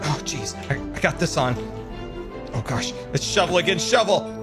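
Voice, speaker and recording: A man giving commentary on his own Minecraft gameplay, swinging between frantic high-pitched panic and relaxed explanation. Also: normal speed, music in the background. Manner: panicky, squealing, laughing while playing. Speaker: Minecraft YouTuber.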